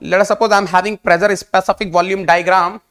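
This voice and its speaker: A man's voice: high voice, steady tone, fast, fairly bright tone, clean tone. Man, Indian English accent, engineering teacher, online lecture, repeats questions to the class, coaxing. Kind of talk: online exam-prep lecture.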